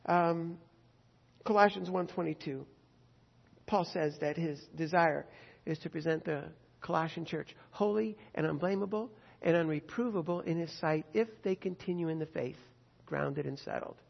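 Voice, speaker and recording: A man preaching a sermon, earnest and emphatic, slowing down on key phrases. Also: on the high side, creaky. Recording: dull sound with long hall reverb.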